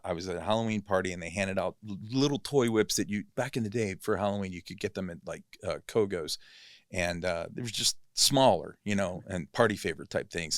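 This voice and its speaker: Telling a long, rambling story in a relaxed way, a male actor guesting in a podcast studio keeps correcting himself and filling silences with "you know." His voice is low with a fairly bright tone, and there's no echo.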